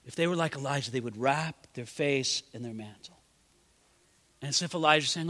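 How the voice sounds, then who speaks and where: A man's voice: medium pitch, moderate pace, bright, forceful tone, big-room sound. A man preaching a sermon, dramatically acting out quoted prayers in a raised voice. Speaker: pastor.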